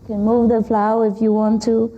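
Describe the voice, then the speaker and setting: A woman's voice: fairly high pitch, completely flat delivery, fairly quick, highs cut off. A woman spiritual teacher giving an informal talk to an audience in a hall, teasing and laughing often, in simple non-native English.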